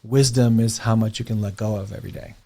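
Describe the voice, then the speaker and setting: Animated man telling stories in an interview. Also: on the low side, fast talker. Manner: animated storyteller, leans on "you know" fillers; laughs while telling stories. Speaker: breathwork teacher and founder. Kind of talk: casual interview conversation.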